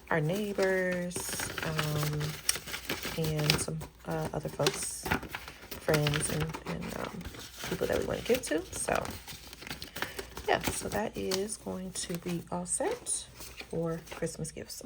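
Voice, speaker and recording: A chatty woman, talking casually with viewers while she counts bills aloud. Her mid-pitched voice has a gravelly edge. The recording carries steady background noise. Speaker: budgeting vlogger. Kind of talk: casual cash-stuffing vlog chat.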